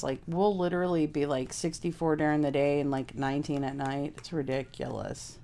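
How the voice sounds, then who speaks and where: Gravelly low-voiced woman. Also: darkish tone, slight background noise. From Houston, Texas. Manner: chatty, thinks aloud while working, answers chat. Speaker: craft vlogger. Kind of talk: casual crafting chat to live viewers.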